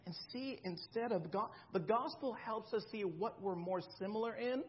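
A man's voice: sits high, normal speed, lo-fi sound, slight background noise. A man in his thirties preaching a sermon in a conversational way, often checking in with the congregation. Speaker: pastor.

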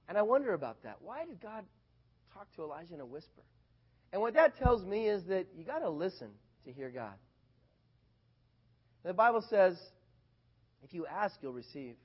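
A man preaching a casual sermon, animated, swinging from loud bursts to quiet asides. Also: sits high, lo-fi sound.

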